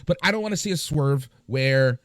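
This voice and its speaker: A man's voice: mid-range voice, animated, normal speed, clean tone, no room sound, clean studio sound. A man co-hosting a casual podcast who cuts in with wry jokes and short objections. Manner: wry, interjecting. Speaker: podcast co-host. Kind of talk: casual chat.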